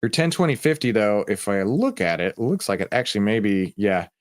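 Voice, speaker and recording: Here the streamer's voice is on the low side, expressive and a little fast. He cracks jokes and chats with viewers as he trades, keeping the live commentary casual.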